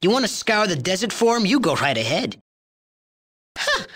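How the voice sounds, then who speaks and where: A man's voice: sits high, sing-song, normal speed, pushed and bright, breathy edge, full character voice. An actor playing an arrogant, crude young male drug chemist in a video game, boastful and mocking. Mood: sneering. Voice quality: sneering, profane. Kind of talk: game dialogue.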